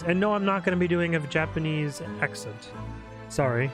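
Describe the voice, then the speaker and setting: A man's voice: fairly high pitch, expressive, moderate pace. A man streaming a game, chatting in a joking, crude, self-mocking way. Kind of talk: casual gameplay commentary. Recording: game music loud behind.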